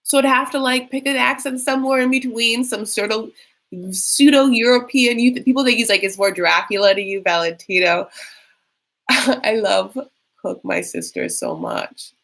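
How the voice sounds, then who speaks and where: A woman's voice: on the high side, lively intonation, moderate pace, creaky, fairly bright tone. A woman hosting a live stream, reacting to a reality show in a chatty, sarcastic, theatrical way. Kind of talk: casual live reaction chat.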